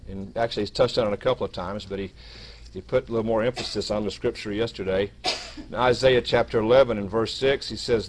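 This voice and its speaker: A man's voice: lowish voice, fairly quick, a little hiss or hum. A man giving a short sermon to his congregation, reading scripture aloud with rising emphasis and small restarts. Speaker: minister.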